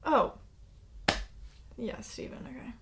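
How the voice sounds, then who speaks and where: A young woman chatting casually with chatbots, blunt and sarcastic with a deadpan delivery. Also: takes it slowly, faint music behind. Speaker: YouTuber. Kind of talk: casual chat while role-playing with chatbots.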